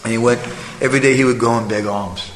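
A man's voice: medium pitch, fairly even intonation, fast, fairly bright tone. A male preacher giving a conversational sermon, telling a story and often checking in with the audience. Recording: echoey hall, faint ambience.

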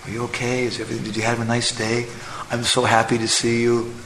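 A man speaking as a devoted, chaste housewife, with a soft but steady manner, in an echoey hall. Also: on the low side, normal speed, a little hiss or hum. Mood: tender. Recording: echoey hall, faint ambience.

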